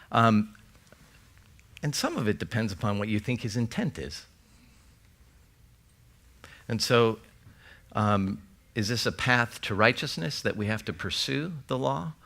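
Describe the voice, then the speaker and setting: A man preaching a sermon as pastor, reading scripture aloud and adding quick conversational asides to the congregation. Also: lowish voice, gravelly, fairly bright tone.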